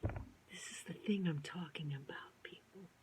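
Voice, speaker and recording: A woman's voice: fairly low pitch, measured pace, rough recording. A woman telling a personal story to camera, acting out quoted lines and often dropping into a whisper. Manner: animated, acts out quotes, often drops to a whisper. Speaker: vlogger.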